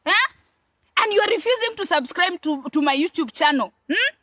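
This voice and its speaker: A woman's voice: very high voice, animated, moderate pace, sharp tone, no room sound. A Kenyan woman ranting to her audience in an emphatic, scolding way, repeating words and asking "eh?" between points. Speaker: online commentator. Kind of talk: ranting monologue to camera.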